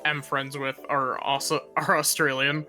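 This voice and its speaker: An American woman chatting casually on a stream, relaxed and a bit halting as she laughs along. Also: a bass voice, music in the background. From United States. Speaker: streamer guest. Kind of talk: casual live-stream chat.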